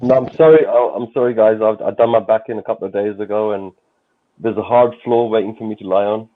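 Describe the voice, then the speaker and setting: A London man with a lowish voice, fairly even intonation and a quick pace appears as a guest on a football fan livestream. He chats casually and courteously, repeating words as he goes. The audio is tinny and phone-like.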